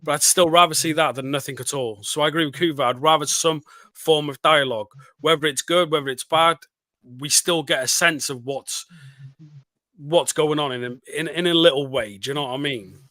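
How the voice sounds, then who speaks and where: A man's voice: a little high, brisk, sharp tone, no room sound. A man from North Wales with a North Welsh accent tinged with Scouse, chatting casually as a co-host and rambling with lots of "do you know what I mean.". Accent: North Welsh, with some Scouse. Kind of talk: casual chat.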